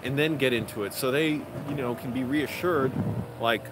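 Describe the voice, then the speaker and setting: Chatty male vlogger, mid-pitch, rambling with fillers, clear city noise around him. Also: normal speed. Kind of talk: casual vlog talk. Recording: outdoor street noise behind.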